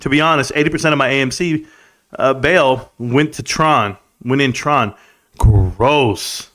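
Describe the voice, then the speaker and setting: A man in his forties hosting a casual live stream, rambling and reading out comments, swinging between loud and soft. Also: mid-range voice, normal speed.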